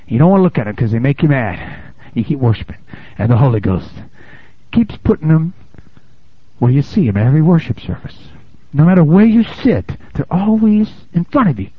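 Husky, animated man preaching. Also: fairly high pitch, dry recording. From United States. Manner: animated, conversational, laughs and asks "amen?". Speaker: pastor. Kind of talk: preaching a sermon. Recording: dull lo-fi sermon recording.

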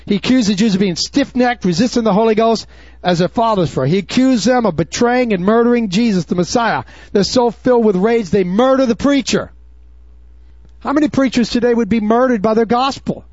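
A man's voice: very high voice, brisk, darkish tone, no room sound. A man preaching a sermon in an emphatic, urgent way, with mocking asides. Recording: dull dry recording.

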